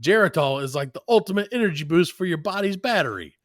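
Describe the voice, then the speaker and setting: A man putting on the voice of an overeager male pitchman, reading a supplement ad in a hammy, salesy way. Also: big pitch swings, moderate pace, a bit bright, no room sound, clean studio sound. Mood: hyped.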